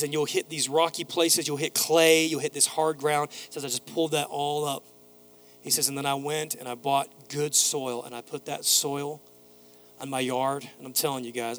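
A man's voice: on the high side, fairly bright tone. A man preaching a sermon as pastor, building to emphatic repeated phrases and telling a neighbor's story in a casual voice. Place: church sanctuary.

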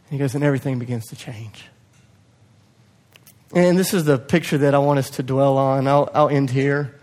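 A young man preaching a sermon to his church, passionate, swinging from loud urging to hushed quiet, with self-deprecating asides. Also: mid-range voice, steady tone, moderate pace. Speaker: pastor. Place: church hall.

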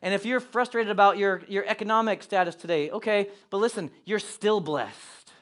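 A man preaching a sermon as pastor, animated and storytelling. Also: high voice, normal speed. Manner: animated, storytelling with acted-out asides.

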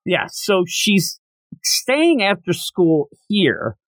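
Animated middle-aged man recapping manga. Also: extremely slow, dry recording. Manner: animated, slips into high silly character voices when quoting. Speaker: podcast co-host. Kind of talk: casual manga recap chat.

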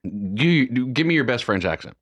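A man's voice: mid-range voice, big pitch swings. A man hosting a morning radio show, teasing his co-host in casual banter from the studio. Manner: playful, teasing, quick to joke.

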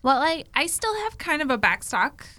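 A woman's voice: high-pitched, sing-song, normal speed, pushed and bright. A woman playing in a tabletop game, cheerful and chatty in role. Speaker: player.

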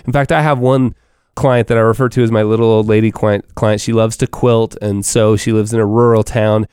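A man's voice: medium pitch, fairly even intonation, brisk, gravelly, a little mellow, clear, resonant tone, no room sound, studio quality. A man who works as a financial advisor, talking casually to other advisors, repeating himself and tossing in frequent "right?" asides. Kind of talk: coaching talk to fellow advisors.

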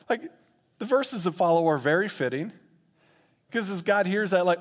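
A man preaching a sermon in an animated, laughing way, acting out quotes in playful voices. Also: sits high, moderate pace, long pauses. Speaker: pastor.

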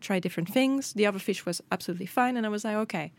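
A woman's voice: medium pitch, rapid-fire, dry recording. A middle-aged woman, co-hosting a casual chat and telling a story with quoted dialogue. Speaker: podcast co-host.

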